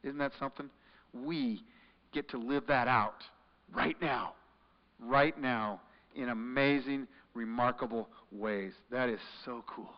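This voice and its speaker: A man preaching a sermon, reading scripture and urging his listeners, his delivery swinging between loud emphatic lines and quiet questions. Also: medium pitch, fairly even intonation, unhurried. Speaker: pastor. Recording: muffled sound with long reverb in a large hall.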